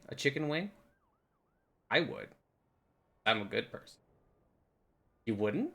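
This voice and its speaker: A man's voice: medium pitch, very animated, slow, long pauses, bright, forceful tone. A young man giving a rambling, goofy tour of a game map, joking and putting on silly voices now and then. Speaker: game video host.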